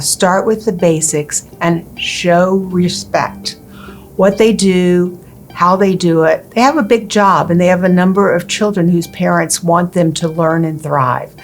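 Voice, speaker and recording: A woman with a fairly low voice reads a scripted lesson in a calm, measured, instructive way. Faint music plays quietly behind her. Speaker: presenter, attorney. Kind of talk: scripted educational narration.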